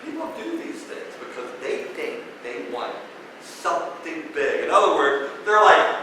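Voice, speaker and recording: A male pastor preaching a sermon in an animated, conversational way, telling the story with comic asides and asking the congregation questions. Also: on the high side, measured pace. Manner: animated storytelling, acts out characters with comic voices and laughs. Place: church sanctuary. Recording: very echoey church, distant mic, faint noise.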